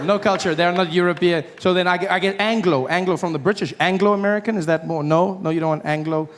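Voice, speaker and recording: A man with a South African accent performing stand-up comedy before a live audience, animated and acting out characters. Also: high-pitched, quick pace, few pauses, a loud crowd. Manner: animated, acts out characters with shouting voices. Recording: stage mic with audience noise.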